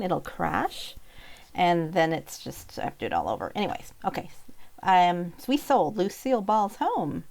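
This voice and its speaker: Woman from Montana, low and gravelly, easygoing chatty seller showing postcards to camera. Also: a little mellow. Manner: chatty, thinking aloud with fillers and asides. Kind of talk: casual sales recap vlog.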